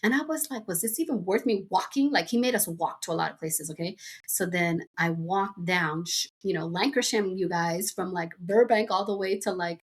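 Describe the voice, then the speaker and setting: Husky and lowish, her voice moves at a moderate pace. She's a middle-aged woman from the United States guesting on a podcast, spinning a casual, rambling tale stuffed with fillers and side comments.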